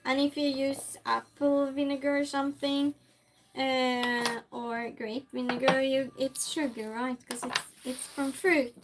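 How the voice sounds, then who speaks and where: Here a woman streamer with a high voice and little pitch movement talks at a measured pace while she cooks. She reads out comments from viewers and replies, laughing often and teasing the chat in a casual way.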